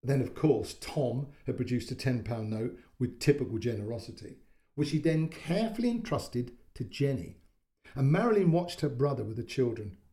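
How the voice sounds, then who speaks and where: A male storyteller narrating a short fiction piece, calm and measured. His voice is mellow and warm, with a soft, dark edge. He sits at a middle pitch and eases the tale along. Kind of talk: audiobook-style story narration.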